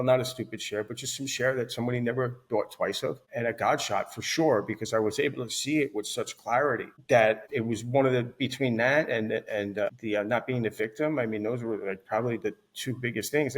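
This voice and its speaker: Husky, blunt man in his thirties. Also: medium pitch, steady tone, a little fast, hardly any pauses, poor audio. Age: 30s. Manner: blunt, profane, rambling with restarts. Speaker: podcast guest. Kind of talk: candid recovery story.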